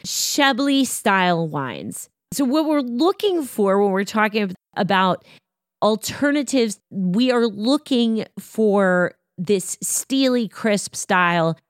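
A middle-aged woman hosting a wine podcast, explaining styles in a knowledgeable, opinionated way with quick asides. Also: mid-range voice, animated, no echo, studio quality. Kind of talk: casual explanatory chat.

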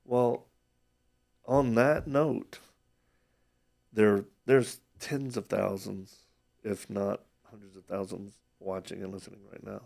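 A male host with a low, heavily gravelly voice. He listens and affirms, then gently prompts his guest to pray. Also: steady tone. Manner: affirming, quick to agree. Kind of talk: interview, brief responses.

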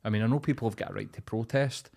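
A low-voiced man rants bluntly through a casual podcast chat. He swears freely and talks in a loose, sweary flow. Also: very fast, gravelly, a little mellow. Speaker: podcast host.

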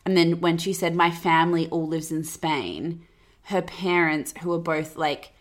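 A woman's voice: on the low side, a little slow. A woman hosting a podcast, chatting sarcastically and filling her talk with "like". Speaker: podcast host. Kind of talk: casual gossip chat.

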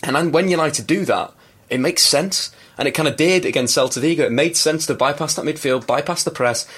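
A man's voice: on the high side, a little fast, fairly bright tone, slightly rough. A man hosting a casual football podcast, talking in a chatty, opinionated way. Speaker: podcast host.

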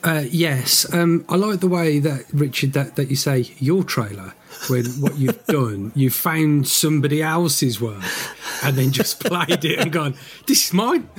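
A man's voice: fairly high pitch, a little slow, slightly rough. A man co-hosting a podcast in casual banter, teasing, rambling and chuckling as he talks. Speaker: podcast co-host.

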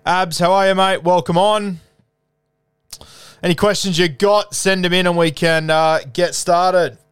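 A man's voice: sits high, steady tone, a little slow, a bit bright, smooth. A young Australian man hosting a casual live Q&A, laid-back and chatty, calling everyone mate. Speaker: podcast host.

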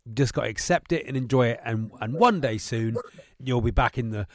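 A man's voice: medium pitch, fairly quick. A man hosting a podcast, chatting casually and joking with guests. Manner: joking, reassuring. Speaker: podcast host. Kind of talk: casual comic chat.

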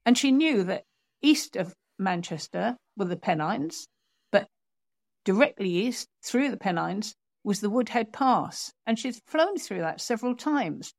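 A woman author telling an animated story in an interview, acting out the people she quotes. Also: mid-range voice, measured pace, creaky, dry recording. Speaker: author and guest.

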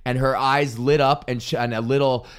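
Profane, animated male comedian telling stories. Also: medium pitch, moderate pace, clear, resonant tone. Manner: swears a lot, loose and animated, fillers and restarts. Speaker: comedian podcast host. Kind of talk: profane comedic storytelling rant.

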